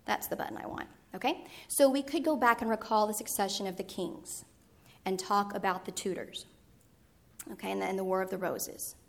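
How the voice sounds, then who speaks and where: A middle-aged woman gives a teaching presentation on Latin poetry, her voice carrying a gravelly fry at mid pitch. She explains step by step and now and then corrects herself as she goes. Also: brisk, a bit bright. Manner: explanatory, with occasional self-corrections. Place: presentation room with a screen.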